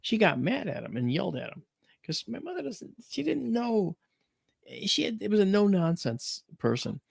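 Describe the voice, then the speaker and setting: A man's voice: high voice, big pitch swings, normal speed, gravelly, husky, dry recording, studio quality. A man hosting a talk show, chatting casually and telling rambling, emphatic stories. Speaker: radio show host. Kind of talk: casual storytelling chat.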